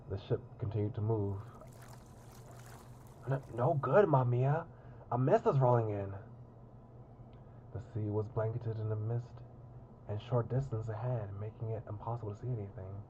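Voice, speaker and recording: Chatty low-voiced man streaming a game. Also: dull audio, slight background noise. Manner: rambling, chatty with filler words. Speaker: streamer reading a visual novel. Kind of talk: casual game commentary and narration.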